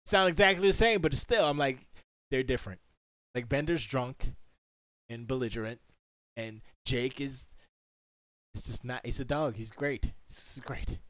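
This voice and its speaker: A man hosting a casual live stream from his home studio, talking in a rambling, animated way with many restarts as he answers chat. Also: mid-range voice, unhurried, pauses often, no echo. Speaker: music producer and stream host.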